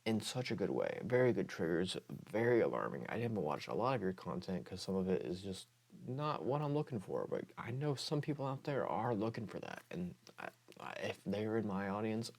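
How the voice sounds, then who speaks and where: His voice is deep, creaky and a little mellow. The young man runs an ASMR channel and, in a room with Pokemon items, chats loosely about other creators with plenty of fillers and hesitation, his voice coming across as a bit off.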